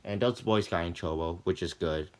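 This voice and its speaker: A teenage boy with a notably deep, low voice talks through his school day as a casual vlog. He rambles along, filling every gap with "like" and "you know", and lifts his pitch and volume whenever he retells a scene. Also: moderate pace. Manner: loose and chatty, full of "like" and "you know"; often animated, with jumps in pitch and volume when retelling. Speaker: student vlogger.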